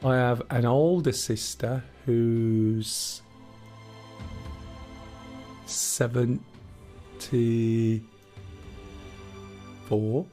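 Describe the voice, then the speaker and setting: A man's voice: medium pitch, fairly even intonation, drawn-out words, pauses often, mellow, faint music behind. A man in his sixties hosting a live game stream, chatting casually with rambling, jokey asides. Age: 60s. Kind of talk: casual gameplay chat.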